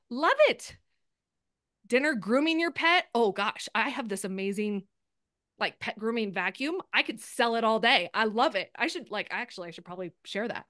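A woman coaching a group on a live video call, energetic and chatty, often restarting her sentences. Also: on the high side, no room sound, clean studio sound. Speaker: sales coach.

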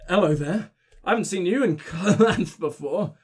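A man's voice: high-pitched, moderate pace, husky. A man voicing a shambling, drunken male town greeter with a slurred voice, reading game dialogue aloud. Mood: tipsy, rambling.

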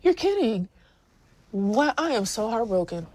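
A woman's voice: fairly high pitch, sing-song, a little slow, darkish tone. A woman in a documentary interview, crying and apologizing as she speaks. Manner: tearful, apologetic.

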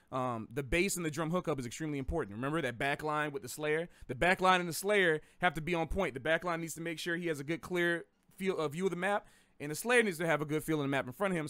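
Man, American South, slight Southern accent, slightly raised pitch, dry close sound, casual rambling jazz teacher. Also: a bit bright, no room sound. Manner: rambling, self-correcting, chatty with gaming analogies. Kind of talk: casual livestream lesson.

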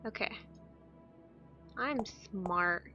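A young woman playing a horror game and commenting, excitable, swearing and reading the game's lines aloud. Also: medium pitch, drawn-out words, dull audio, faint music behind. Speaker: gaming YouTuber. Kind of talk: let's play commentary.

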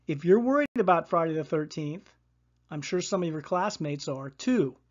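A woman's voice: low-pitched, lively intonation, moderate pace, a little mellow, dull audio. A storyteller voicing an enthusiastic, encouraging female schoolteacher in a storybook reading.

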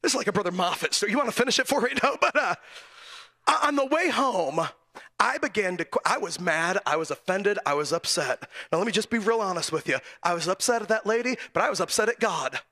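A man preaching in a church, telling a story with lively delivery, chuckling often and restarting his phrases. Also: sits high, fast talker. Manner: animated storytelling, frequent chuckles and self-corrections. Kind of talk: storytelling sermon.

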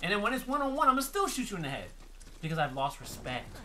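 A man doing let's play commentary, loud and profane, yelling at the game as he plays. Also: high voice, very animated, fast, slight background noise. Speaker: gaming streamer.

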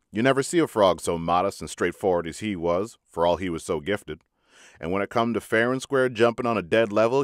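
Male audiobook reader, low voice, folksy unhurried storytelling, dry close sound. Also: dry recording. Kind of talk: storytelling reading.

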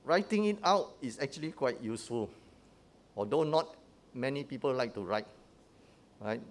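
A man preaching at mid pitch in a chatty, teaching manner. He keeps checking in with the congregation with quick tag questions. He often restarts and repeats words as he goes. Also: expressive. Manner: conversational, checks in with "huh?" and "right?". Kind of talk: teaching sermon.

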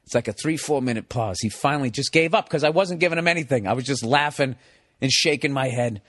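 A comedian in his forties from America, telling a story in an animated, exasperated way, swearing constantly. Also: medium pitch, quick pace, no room sound. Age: 40s. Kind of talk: profane comic storytelling.

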